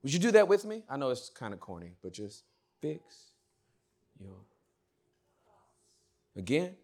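A male pastor preaching a sermon, swinging from loud shouts to hushed words. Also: medium pitch, very animated, unhurried.

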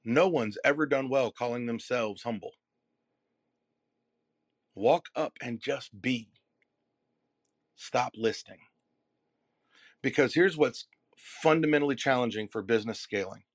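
A man delivers a motivational keynote with a preacher's rhythm, leaning hard on key words and letting dramatic pauses hang before repeating a phrase. His voice sits in an ordinary middle register and sounds dry and close, with almost no room echo. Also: mid-range voice. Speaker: keynote speaker and messaging coach. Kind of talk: motivational keynote to a live audience.

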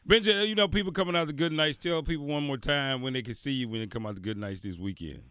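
A man's voice: mid-range voice, fast talker, bright, forceful tone, smooth, dry recording. A man co-hosting a casual radio interview, jovial and teasing. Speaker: radio co-host.

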